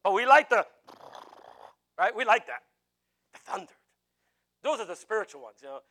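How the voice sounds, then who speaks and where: A man's voice: sits high, big pitch swings, normal speed, bright, forceful tone. A man preaching a sermon emphatically, repeating phrases and chuckling as he goes.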